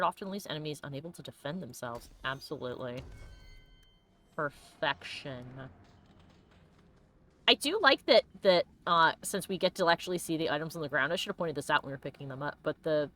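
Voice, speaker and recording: A woman's voice: fairly low pitch, fairly bright tone. A woman hosting a let's play, chatting casually and playfully about the game, often giggling and reading chat aloud. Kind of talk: casual gameplay commentary.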